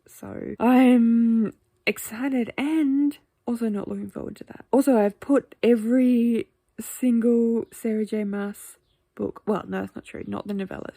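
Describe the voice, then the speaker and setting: A woman chatting in a casual reading vlog, excitable and gushing, sometimes dropping to a whisper. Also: mid-range voice, creaky, no room sound. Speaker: book vlogger.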